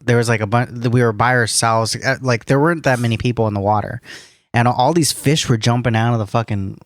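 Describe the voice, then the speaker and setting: A man's voice: medium pitch, fairly even intonation, a little fast, dry recording, studio quality. A young man rambling through a casual podcast story, swearing a lot and laughing often. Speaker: podcast co-host. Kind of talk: casual chat.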